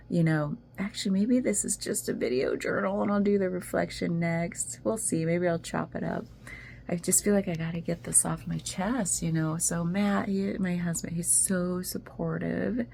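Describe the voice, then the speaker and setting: Casting note: woman vlogger, very gravelly, mellow tone, emotional and rambling, faint room noise. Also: on the low side, steady tone, moderate pace. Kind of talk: casual video journal.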